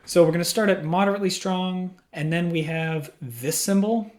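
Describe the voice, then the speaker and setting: A man's voice: high-pitched, normal speed, a little mellow. A man working as a music teacher, giving a patient lesson in a small room and answering his own questions step by step. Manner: patient, asks questions then answers them. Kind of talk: instructional explanation. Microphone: studio microphone.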